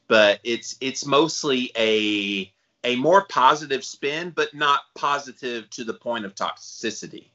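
Emphatic man with a bright, forceful voice. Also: mid-range voice. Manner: emphatic, blunt, riled up. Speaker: podcast co-host. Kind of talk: candid conversational podcast talk. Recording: dull lo-fi audio.

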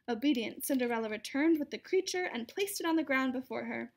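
A woman reading a picture book aloud as narrator, steady and clear, now and then correcting a slipped word. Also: high voice, a little fast, few pauses. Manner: steady reading with occasional slips and self-corrections. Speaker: storyteller.

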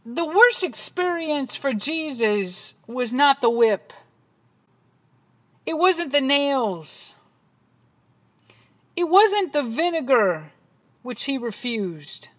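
Slow, high-voiced woman preaching a sermon. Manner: dramatic, swinging from hushed to loud.

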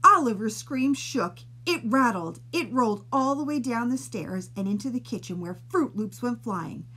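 A woman librarian reading a silly bedtime story aloud to children, playful and expressive, stretching out her words. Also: a little high, moderate pace, breathy edge.

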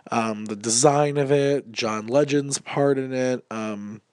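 A man's voice: mid-range voice, fairly even intonation, takes it slowly, darkish tone, no room sound, clean studio sound. A man with a stuffy head cold giving a casual, upbeat movie review, with lots of ums.

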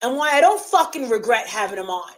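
High-voiced woman ranting heatedly. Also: very animated, fairly quick. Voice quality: constant swearing, blunt and combative. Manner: talks over others, repeats herself for emphasis. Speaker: livestream host. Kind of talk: heated livestream rant.

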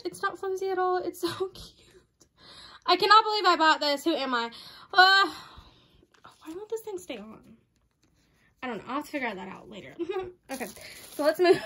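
A young woman vlogger unboxing merch, bubbly and excitable, often laughing and repeating exclamations. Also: high voice. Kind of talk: unboxing vlog, casual chat.

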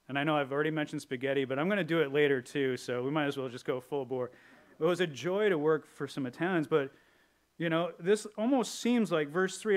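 A man preaching a sermon in a relaxed, conversational way, with a voice pitched a bit above the usual male range. He jokes with the congregation and sometimes drops into playful character voices. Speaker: pastor.

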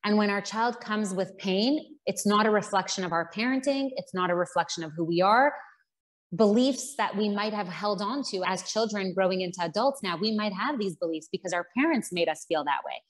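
A woman speaks as a guest on a podcast, laying out her thinking in a steady, earnest way. Her voice sits at an ordinary middle pitch, and she moves from everyday examples to the points they illustrate. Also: a little fast. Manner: earnest, explains with examples and quotes. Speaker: parenting coach, guest. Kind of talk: explanatory podcast conversation.

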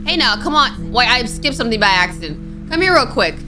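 A woman's voice: a little high, big pitch swings, fairly quick, over music. A young woman streaming a game, chatting to herself and reading the characters' lines aloud. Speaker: gaming streamer. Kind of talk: playthrough commentary with read-aloud dialogue.

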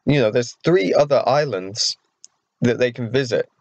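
A young man chats to his vlog audience in a loose, rambling way, full of fillers and eager asides. His voice sits at an ordinary pitch. The recording is muffled and dry, with no room sound. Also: moderate pace, dry recording. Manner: rambling, many fillers, excited fan. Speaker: vlogger. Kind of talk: casual vlog talk.

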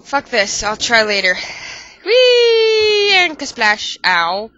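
Profane woman gamer, stuffy nose, bright. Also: mid-range voice, expressive, unhurried, muffled recording. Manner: profane, exasperated, sarcastic. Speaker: let's play gamer. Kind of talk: casual game commentary.

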